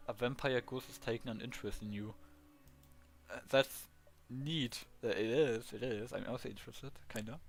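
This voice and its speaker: A man with a German accent, a native German speaker, giving loud excitable let's play commentary with frequent swearing. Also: mid-range voice, moderate pace. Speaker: streamer.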